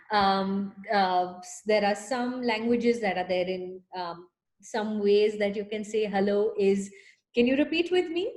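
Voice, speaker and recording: A woman's voice: medium pitch, a little mellow. A woman music teacher leading an online lesson for young children, speaking to them in an encouraging, teacherly way. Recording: echoey room.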